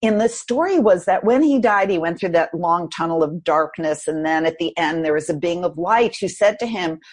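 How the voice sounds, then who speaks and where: A woman guest on a podcast, telling a personal story in an animated, expressive way. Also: lowish voice, normal speed.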